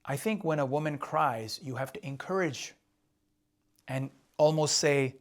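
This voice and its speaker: At a moderate pace and medium pitch, a relationship coach gives husbands casual, candid advice with a confessional tone. He sketches on a board while speaking, often repeating himself and checking in with "right?"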